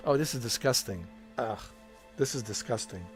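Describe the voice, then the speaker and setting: A man's voice: mid-range voice, moderate pace, music in the background. A man giving crude, mocking commentary while playing a video game. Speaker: gameplay streamer. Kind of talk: profane casual commentary.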